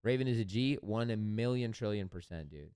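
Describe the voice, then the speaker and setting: A man's voice: lowish voice, animated, normal speed, dark tone, smooth, dry recording. A man hosting a live stream, chatting casually and bluntly with his viewers and swearing freely. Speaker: live-stream trading host.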